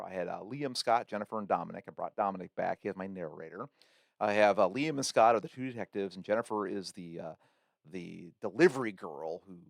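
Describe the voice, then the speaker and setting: Man, gravelly low voice, chatty tutorial host, loose and rambling, dry close sound. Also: no echo. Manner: chatty, loose, with many fillers and restarts. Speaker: podcast host. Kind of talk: casual tutorial walkthrough.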